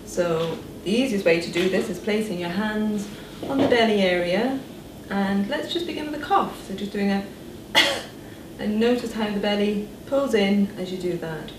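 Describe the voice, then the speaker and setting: British female therapist leading breathing exercises, calm and steady, recorded far off in an echoey room. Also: medium pitch, moderate pace, hardly any pauses. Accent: British English. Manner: calm, step-by-step instructions. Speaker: speech and language therapist. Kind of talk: guided breathing exercise instruction. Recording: echoey room, voice from a distance, noise behind.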